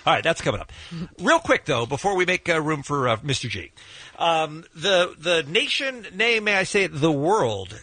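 Man, middle-aged, morning radio host, animated, bright, playful. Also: fairly high pitch, normal speed, dry recording. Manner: playful, mock-grand. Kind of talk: radio banter. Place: radio studio.

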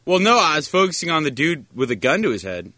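Laid-back fast-talking radio guy. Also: fairly high pitch, very animated, pushed and bright, no room sound. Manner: laid-back, offhand slang. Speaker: radio show regular. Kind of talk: casual on-air banter.

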